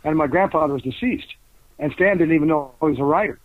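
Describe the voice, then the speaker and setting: A man's voice: a little high, quick pace, no room sound. An older man, a guest author, telling long rambling stories in a casual interview, full of fillers and restarts. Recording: tinny phone-like dry sound.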